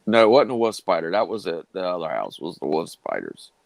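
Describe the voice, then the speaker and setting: A low-pitched man with a drawl spins a rambling tale on a live stream, stopping and starting as he goes. His voice is recorded close and dry, with no room sound. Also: big pitch swings, brisk, creaky, dry recording, low-quality recording. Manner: drawling, rambling with many fillers and restarts. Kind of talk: casual storytelling on a live stream.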